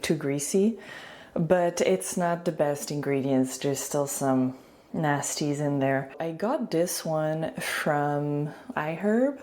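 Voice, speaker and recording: A woman with a French accent talks through her hair routine in a relaxed, unhurried way, her voice soft and mellow. She chats casually with lots of fillers and little giggles, like a home beauty vlog. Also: medium pitch, a little hiss or hum. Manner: chatty, filler-heavy, giggly. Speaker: beauty and wellness vlogger. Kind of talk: casual hair-care tutorial.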